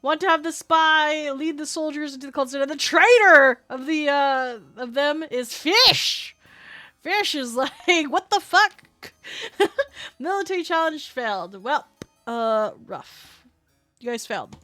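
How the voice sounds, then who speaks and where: High, bright-voiced excitable woman streamer. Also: unhurried, faint music behind. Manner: excitable, swears and laughs often. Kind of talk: casual live-stream gaming chat.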